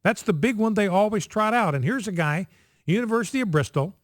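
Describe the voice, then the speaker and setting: A man hosts a talk radio show, driving his points home by repeating them. His voice sits fairly high for a man. The studio sound is dry and close. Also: expressive, fairly quick, no echo. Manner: emphatic, repeats points for effect.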